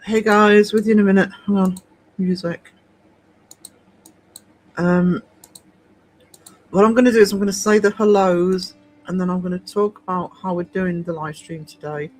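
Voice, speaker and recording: Chatty high-voiced man hosting a live stream. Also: steady tone, moderate pace, long pauses, low-quality recording. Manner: chatty, greets viewers by name, coughs now and then. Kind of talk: casual live stream chat.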